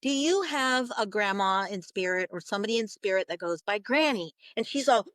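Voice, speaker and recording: A woman's voice: mid-range voice, lively intonation, brisk, fairly bright tone, dry recording. Female interview guest, chatty storyteller who acts out quotes, dry mic. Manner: acts out quoted voices, laughs often. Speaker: psychic medium guest.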